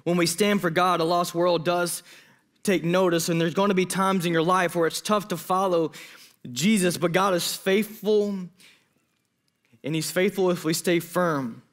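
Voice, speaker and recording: A man in his thirties, a student pastor preaching a sermon, telling a personal story with emotion and quick asides. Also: high voice, fairly even intonation, fairly bright tone. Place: church hall.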